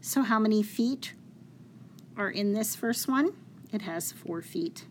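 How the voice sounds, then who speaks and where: Woman teacher, slow and patient, step-by-step poetry lesson, faint room hum behind. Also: mid-range voice, lively intonation, darkish tone. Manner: patient, explains step by step, counts syllables aloud slowly.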